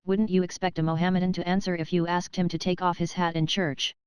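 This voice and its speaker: A woman's voice: lowish voice, flat delivery, quick pace, clear, resonant tone, no echo, natural voice. A woman reading the part of an earnest, persistent young Englishwoman in an audiobook. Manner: eager, persistent questioning.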